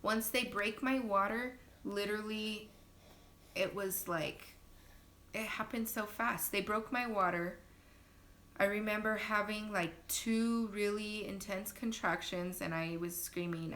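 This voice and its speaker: A young woman casually telling her birth story on a phone live stream, chatty and laughing often, acting out quotes in sudden loud high bursts. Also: unhurried, slight background noise. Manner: laughs often, many fillers.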